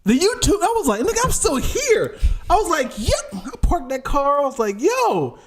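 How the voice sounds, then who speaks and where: Podcast co-host, middle-aged man, high and expressive voice, acts out the dialogue in his stories. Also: normal speed. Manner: animated storyteller who acts out quoted dialogue. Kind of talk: casual chat.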